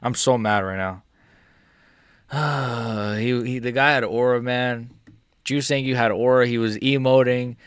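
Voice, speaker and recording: A young man streaming a live fight reaction, furious one moment and grumbling low the next, cursing constantly. His voice sits at a middling pitch and sounds close and dry, with no room around it. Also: steady tone, a little slow, clear, resonant tone, no room sound. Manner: swings between angry shouting and muttered grumbling, heavy swearing; chats with viewers by name.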